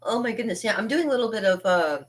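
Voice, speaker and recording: A woman's voice: medium pitch, animated, fast, slight background noise. A middle-aged woman hosting a live art stream from her home studio, chatting playfully and rambling with frequent laughs. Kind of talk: casual live-stream chat.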